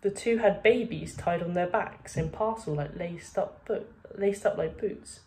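A woman reading a children's book aloud with steady, expressive narration. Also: lowish voice, a little slow, slight background noise. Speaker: reader. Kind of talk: storybook read-aloud.

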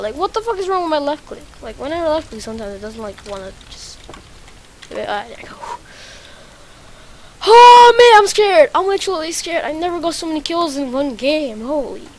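A woman hosting a let's play, commentating excitedly as she plays, swearing often and repeating phrases over and over. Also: sits high, slight background noise. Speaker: gaming channel host.

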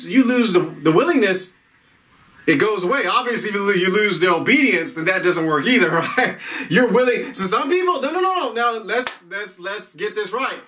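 Guy preaching off the cuff, bright tense voice, keeps restarting, mic kinda far away. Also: high voice. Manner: rambling, repeats himself, restarts often. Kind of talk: informal sermon teaching.

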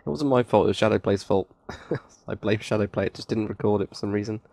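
A man's voice: on the low side, normal speed, gravelly, a little mellow, no echo. A man hosting a casual building tutorial, counting blocks aloud with chatty, self-mocking asides. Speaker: game tutorial host.

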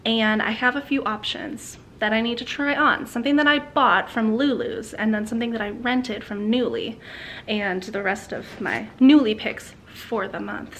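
A woman's voice: a little high, a little hiss or hum. A young woman vlogging a casual try-on haul, chatty and gushing, laughing often as she talks.

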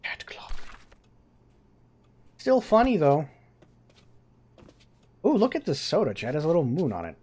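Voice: medium pitch, huge pitch swings, measured pace, long pauses, a little mellow, slightly rough. A streamer casually chatting and rambling while playing a video game, swearing now and then. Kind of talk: casual gaming stream chat.

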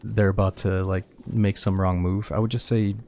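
A man's voice: low voice, flat delivery, normal speed, a little mellow, slight background noise. A man streaming a survival game, giving casual commentary, swearing freely and calling people "dude".

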